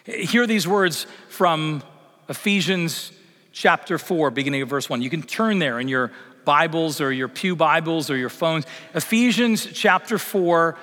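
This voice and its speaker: A man preaching a sermon as pastor, telling a joke with lively voices before turning earnest. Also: on the high side, measured pace, big-room sound.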